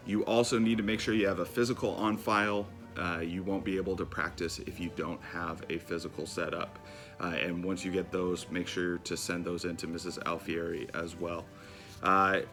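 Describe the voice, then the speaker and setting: A man's voice: low-pitched, fairly bright tone. A man reading school sports announcements in a plain way with frequent fillers.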